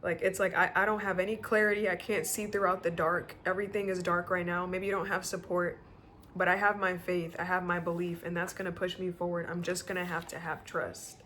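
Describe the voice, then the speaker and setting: A woman's voice: fairly low pitch, level tone, a little fast, fairly bright tone, slight background noise. A woman giving a casual tarot reading to camera, emotional and rambling, swearing freely and often near tears. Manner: rambling with many restarts. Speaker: tarot reader.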